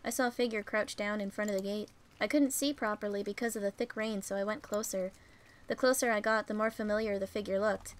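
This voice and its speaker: A woman's voice: mid-range voice, steady tone, brisk. A woman reading a visual novel game aloud, narrating plainly and breaking in with swearing and joking reactions. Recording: faint music behind.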